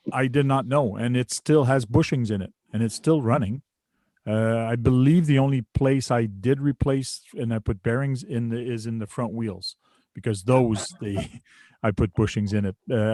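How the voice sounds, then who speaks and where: A man hosting a casual group chat, explaining things in a relaxed way with many fillers. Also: medium pitch, no echo. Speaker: host.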